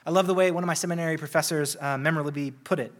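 A man preaching a sermon in an earnest way, slowing down and building intensity through lists. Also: on the high side, fairly even intonation. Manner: earnest, slows and stresses key phrases. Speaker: pastor.

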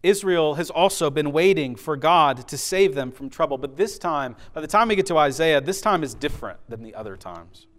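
A man preaching a sermon, swinging from loud declarations down to hushed, soft emphasis, with rhythmic repeated phrases. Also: a little high, animated, moderate pace, hardly any pauses. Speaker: pastor.

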